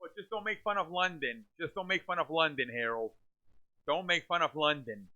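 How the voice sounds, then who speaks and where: A man hosting a live sports reaction stream, scolding chat viewers over and over and calling the plays in a loud, repetitive way. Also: a little high, normal speed. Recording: dull lo-fi stream audio.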